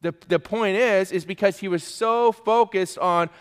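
A man's voice: high-pitched, a little slow, clean tone. A male preacher giving an emphatic sermon, pressing his listeners with pointed questions. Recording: long hall reverb.

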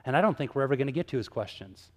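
A man giving a sermon-style talk, telling stories with lively acted-out dialogue. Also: medium pitch, rapid-fire, in a large hall. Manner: animated storyteller, acts out dialogue. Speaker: evangelist speaker.

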